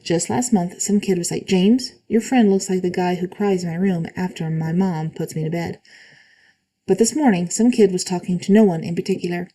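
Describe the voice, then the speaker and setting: A woman reading spooky stories aloud in a calm, even way, adding short comments of her own. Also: on the low side, moderate pace, poor audio. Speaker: reader of online stories.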